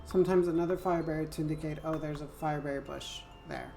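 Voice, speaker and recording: A woman's voice: deep voice, fairly even intonation, fast, warm tone, soft background music. Chatty French-accented woman streamer. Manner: chatty, playful, swears casually. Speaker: game streamer. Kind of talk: casual gameplay chat.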